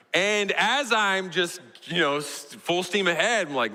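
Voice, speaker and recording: Young Texan pastor preaching in a reverberant sanctuary. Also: male voice, unhurried, hardly any pauses. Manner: storytelling, animated, voices his toddler in a high squeal. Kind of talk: sermon illustration. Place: church sanctuary. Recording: church hall reverb.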